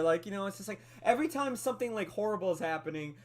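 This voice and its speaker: A man co-hosting a movie podcast, talking through a film review in a casual, animated way with lots of fillers and laughs. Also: high voice, fast talker, hardly any pauses. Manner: animated, chatty, many fillers, laughs often.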